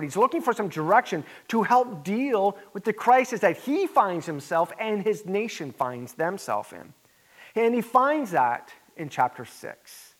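A pastor preaching a sermon in an earnest, emphatic way, with conversational asides. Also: male voice, high-pitched.

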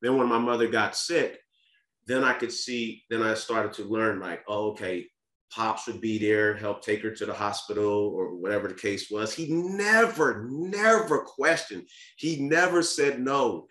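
A man's voice: on the low side, measured pace, a bit bright. Earnest man telling his story, roomy sound. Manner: earnest, restarts and repeats words, casual slang. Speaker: podcast guest. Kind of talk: candid personal storytelling. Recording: roomy echo.

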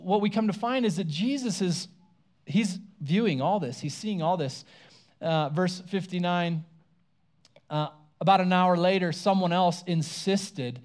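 A man's voice: a little high, darkish tone. A man preaching a sermon in a casual, conversational way, retelling scripture and acting out the characters' lines. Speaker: pastor.

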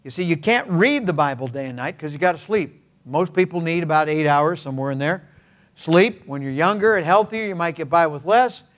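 A man's voice: a little high, expressive, fairly quick. A man preaching a sermon as pastor, in a folksy, conversational way with homespun examples and playful sound words. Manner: frequent hesitant fillers and restarts.

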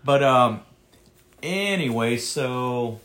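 A man with a mid-pitched, ordinary voice, hosting a podcast. He talks in a relaxed, hesitant way, often pausing on fillers. The feel is a casual conversation. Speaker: podcast host. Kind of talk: casual chat.

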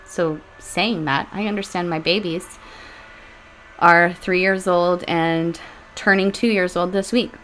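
A woman in her thirties hosting a personal podcast, talking candidly and emotionally with sighs and soft laughs. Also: lowish voice, steady tone, takes it slowly, a little hiss or hum. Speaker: podcast host. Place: home room with leaf blower outside.

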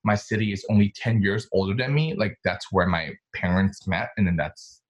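A man in his thirties from China, telling his life story in a casual interview, talking in an animated, chatty way with lots of fillers. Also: low-pitched, moderate pace, rough recording. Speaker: interview guest, designer.

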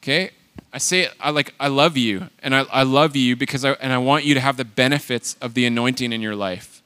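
A man preaching a sermon, animated and emphatic, swinging between loud exhortation and quiet asides. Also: mid-range voice, brisk, clean tone. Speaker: pastor.

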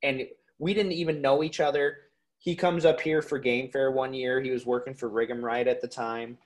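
A young man from Minnesota talks as a podcast guest, telling stories in an animated, rambling way. His voice sits at an ordinary middle pitch, and he leans on casual filler words and the odd swear. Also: moderate pace. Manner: animated storyteller, swears freely, lots of "like" and "dude". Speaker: podcast guest, waterfowl hunter.

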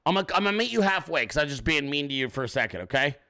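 A man's voice: fairly high pitch, lively intonation, racing, bright, forceful tone. A man hosting a livestream, ranting profanely and combatively at commenters in his chat. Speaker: show host.

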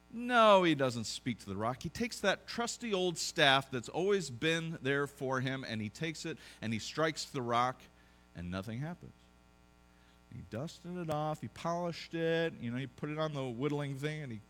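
A man's voice: medium pitch, fairly bright tone. Conversational man preaching a sermon. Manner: conversational storytelling with joking asides and frequent restarts. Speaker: pastor.

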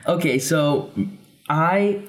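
A man's voice: a little high, drawn-out words. A young man chatting casually on a podcast, telling stories animatedly and acting out quoted voices. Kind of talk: casual chat.

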